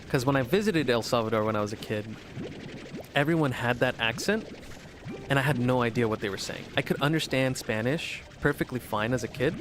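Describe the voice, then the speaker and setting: A man's voice: medium pitch, a bit bright. A man rambling in casual chat as he plays a video game, often restarting sentences and laughing. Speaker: gaming streamer.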